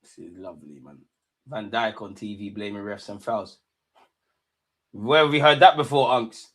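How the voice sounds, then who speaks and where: Excitable young man streaming football. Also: lowish voice, normal speed. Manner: excitable banter with chat, London slang, swears, laughs often. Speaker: football watch-along streamer. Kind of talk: live match watch-along chat.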